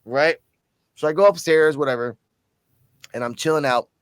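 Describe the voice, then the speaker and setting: A man from Puerto Rico telling a story in a casual, animated vlog, cursing freely and sounding a little tipsy. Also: fairly high pitch, moderate pace, clear, resonant tone, no echo. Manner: profane, animated, excited storytelling. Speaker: channel host.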